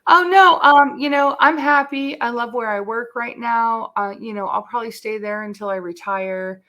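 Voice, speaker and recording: A woman's voice: on the high side, normal speed, bright, forceful tone, lo-fi sound. A middle-aged woman telling her story as an interview guest, candid and casual, swearing freely and filling her talk with "like". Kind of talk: casual chat.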